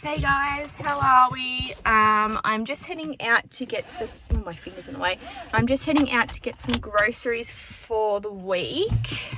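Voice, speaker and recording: A woman's voice: fairly high pitch, animated, normal speed, crowd noise, poor audio. A young woman with an Australian accent, chatting candidly to camera in a casual vlog, swearing freely and rambling with fillers, recorded while driving. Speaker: vlogger. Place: car, driving.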